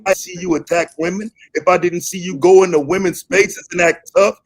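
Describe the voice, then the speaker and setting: A man hosting a heated debate, confrontational and quick to interrupt. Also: sits high, fairly even intonation, faint music behind. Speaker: host.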